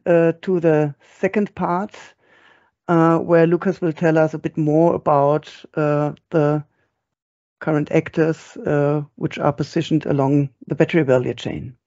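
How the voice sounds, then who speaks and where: A man moderating an online webinar, handing over to the next speaker with a deliberate manner and fillers. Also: a little high, warm tone, dry recording. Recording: dry dull lo-fi webinar audio.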